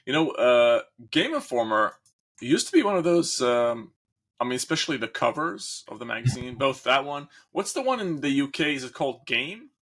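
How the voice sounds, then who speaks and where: A man's voice: mid-range voice, big pitch swings, normal speed, a bit bright. Rambling podcast host, man. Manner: rambling, searching for words, many fillers. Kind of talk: casual podcast chat.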